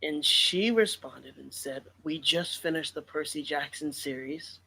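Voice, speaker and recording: A man's voice: a little high, unhurried, creaky, sharp tone, breathy edge. A man co-hosting a casual podcast about writing, talking earnestly and reflectively with many fillers. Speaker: author and podcast co-host.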